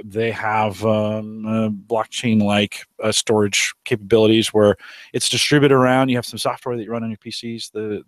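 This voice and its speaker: A man's voice: on the low side, dry recording. A man hosting a live tech show, talking casually and rambling with frequent restarts, sitting outdoors on a deck. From Omaha area, United States. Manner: rambling, restarts often, chatty. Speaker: podcast host.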